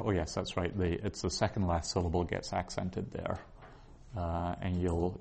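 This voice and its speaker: A male teacher lectures a class in a slightly low voice. He explains each point patiently and in order, with ums and restarts along the way. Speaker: Hebrew teacher.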